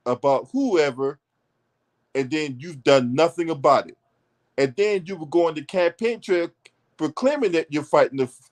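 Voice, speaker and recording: A man hosting his own political commentary channel, ranting in a heated, profane and sarcastic way. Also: fairly high pitch.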